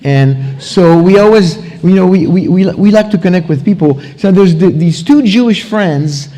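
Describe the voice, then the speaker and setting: A man speaks at a church conference, his voice rather high but dark and mellow. his jokes are peppered with casual fillers, and a long reverb trails his words around the hall. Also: lively intonation, normal speed. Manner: joking, lots of "you know" fillers. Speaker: conference speaker, ministry founder.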